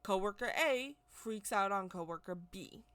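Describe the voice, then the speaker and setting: A woman's voice: mid-range voice, expressive, unhurried, fairly bright tone, clear, resonant tone, no room sound. Rambling woman telling a story. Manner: rambling, repeats and corrects herself. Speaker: vlogger. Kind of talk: casual spoken anecdote.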